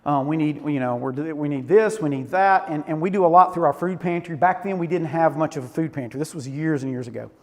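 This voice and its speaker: Man in his 40s, youth preacher, high voice, lively storyteller, hall reverb. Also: brisk, few pauses. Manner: animated storytelling with Southern "y'all". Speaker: youth pastor. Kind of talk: sermon. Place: church auditorium.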